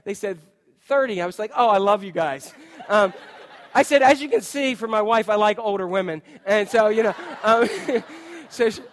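Middle-aged male pastor with a high voice, telling a lively, comic story in a sermon. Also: normal speed, some chatter behind. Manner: animated storyteller, mimics voices for laughs.

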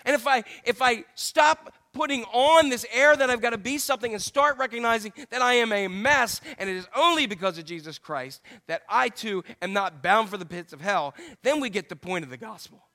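A middle-aged male pastor preaching a candid, self-deprecating sermon full of jokey asides and sudden high exclamations. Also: expressive, a little fast, few pauses, bright, forceful tone. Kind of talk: humorous conversational sermon.

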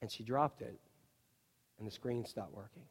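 A man preaching a chatty, animated sermon as a pastor, full of asides and "you know". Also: on the low side, moderate pace, breathy edge. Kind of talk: conversational sermon. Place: church. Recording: long reverb of a church hall.

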